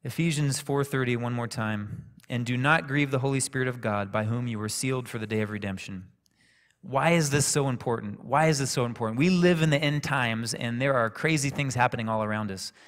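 A man preaches a sermon, telling a personal story in a calm, conversational way. His voice sits at a middle pitch. The sound carries the long reverb of a church sanctuary. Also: fairly quick.

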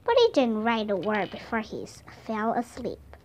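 A woman whose first language is Vietnamese, reading a children's audiobook aloud in a clear, expressive way. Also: fairly high pitch, moderate pace, a little hiss or hum. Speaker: storybook reader.

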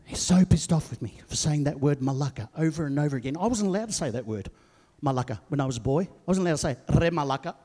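A middle-aged man doing a loud, animated stand-up comedy routine, shouting punchlines and putting on quoted voices. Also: on the high side, fast talker. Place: large theatre stage. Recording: live theatre with long reverb.

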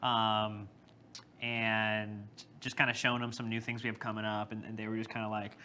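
A man's voice: on the low side, flat delivery, moderate pace, pushed and bright. A man co-hosting a gaming podcast, chatty and easygoing, with frequent laughter. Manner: chatty, laughs often, lots of fillers. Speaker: podcast co-host. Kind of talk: casual chat.

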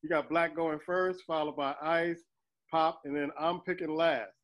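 A man hosting a casual sports talk show, reading standings and running the picks in a relaxed way with many fillers. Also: fairly high pitch, a little slow, highs cut off. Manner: relaxed, filler-heavy, laughs often. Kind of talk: casual sports radio chat.

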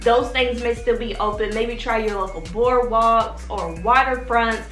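A woman's voice: fairly high pitch, measured pace, fairly bright tone. A woman hosting a casual advice vlog, chatty and talking straight to her viewers, checking in with "okay?" all the time. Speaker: vlogger, channel host. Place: her home in Texas. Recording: roomy room with faint background music.

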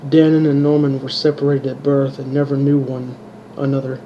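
A man reading his own fantasy story aloud, halting and restarting words, in a dull lo-fi home recording. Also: mid-range voice, level tone, a little hiss or hum. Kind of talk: amateur audiobook reading.

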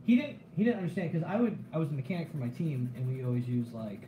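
A man in his thirties, an army veteran, telling stories in casual chat, animated and profane with many restarts. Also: on the high side, fast talker. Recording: echoey room with faint noise.

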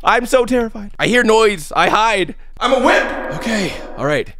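A man playing a horror game and commenting nervously, yelling when scared and joking to cover his fear. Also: sits high, animated, normal speed, dry recording. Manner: yells and screams when scared. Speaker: let's play gamer.

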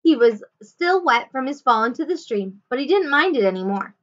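Lively woman teacher narrating a storybook, raised pitch, muffled home recording. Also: moderate pace. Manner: expressive, animated. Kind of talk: storybook read-aloud.

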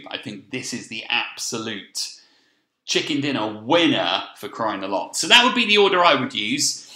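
Man, English accent, primary teacher, remote reading lesson, encouraging, thinks aloud, bright voice, echoey room. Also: lowish voice.

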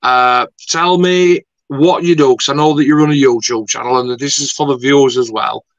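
A man's voice: medium pitch, fairly even intonation, normal speed, a bit bright, no echo, lo-fi sound. A man interviewing a guest in a rambling, chatty, mildly sweary way. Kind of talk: casual video-call interview.

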